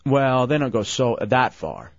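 A very animated yet unhurried man with a creaky, mid-range voice runs a radio show full of casual morning banter. He jokes with the crew and callers, laughs a lot, and reads off the phone number. The dry recording from a studio microphone has a dull, lo-fi broadcast quality.

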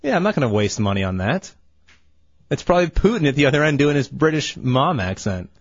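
Quick, lively, sheepish male regular. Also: medium pitch, no echo, highs cut off. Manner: hesitant, sheepish. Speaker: radio show regular. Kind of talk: casual radio banter.

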